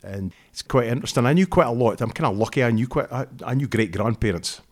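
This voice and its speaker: A man's voice: mid-range voice, expressive, fast talker. A middle-aged man from northeast Scotland with a Scottish accent, chatting in an interview and telling stories with frequent restarts. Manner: chatty, storytelling, often restarts phrases. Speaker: interviewed fiddler. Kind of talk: relaxed interview chat.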